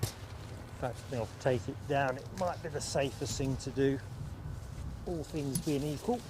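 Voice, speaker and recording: A man's voice: mid-range voice, unhurried. Chatty man streaming outdoors. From England. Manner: chatty, jokey, reads out chat names. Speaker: livestream host. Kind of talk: casual live-stream chat. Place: outdoors by an airport. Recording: outdoor stream with clear background noise.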